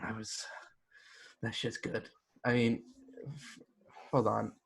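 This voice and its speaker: A young man hosting a podcast in casual chat, blunt, animated and full of profanity. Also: lowish voice, takes it slowly, vocal fry. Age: young adult. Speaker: podcast host.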